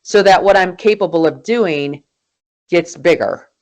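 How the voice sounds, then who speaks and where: A woman in her forties, a guest in an interview, telling her story in an animated, emphatic way. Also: lowish voice, a little slow. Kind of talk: conversational interview.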